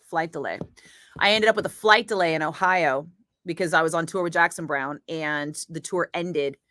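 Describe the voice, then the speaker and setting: A woman radio DJ chatting casually with viewers, telling a story in a lively, swearing style and acting out the other people's lines. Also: on the low side, no room sound, studio quality. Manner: chatty storyteller, swears freely, acts out voices. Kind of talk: casual chat.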